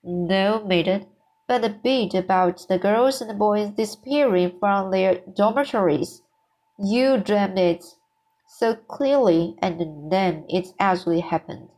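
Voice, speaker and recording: A woman's voice: mid-range voice, measured pace, a little mellow, close to an everyday voice, poor audio. A woman reading the part of an anxious, stammering maid, her voice quivering. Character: anxious flustered female maid, middle-aged.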